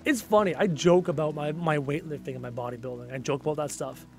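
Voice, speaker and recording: A man's voice: a little high, fast talker, soft background music. A young Canadian man with a Canadian accent, chatting casually on a gaming livestream, thinking aloud and answering viewer comments. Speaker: livestream gamer.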